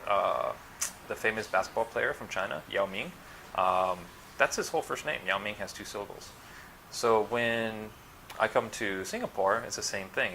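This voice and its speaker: A man from the United States with a somewhat low but bright, forceful voice talks casually to his viewers. He explains his consulting work patiently, one step at a time, with a faint hum of room noise behind him. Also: rough recording. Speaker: supply chain consultant and channel host. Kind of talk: casual explanatory talk to camera.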